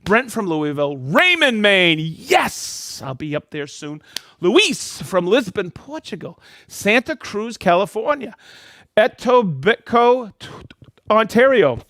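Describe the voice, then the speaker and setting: A man's voice: high voice, big pitch swings, slow, fairly bright tone, no room sound, clean studio sound. A man hosting a live stream, upbeat and jokey, reading out viewers' names and hometowns. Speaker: host of a live product show. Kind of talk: livestream shout-outs to viewers.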